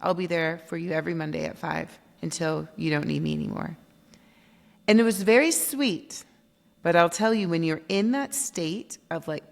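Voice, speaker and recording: A woman guest on a podcast, telling her story in an animated way and acting out quoted dialogue. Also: sits low, creaky. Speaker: guest, company founder. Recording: long reverb.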